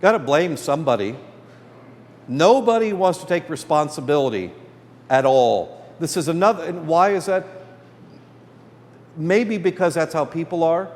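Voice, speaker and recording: Priest leading a Bible class, a slightly high man's voice, animated and theatrical, long hall reverb. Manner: animated, acts out characters' complaints. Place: church hall.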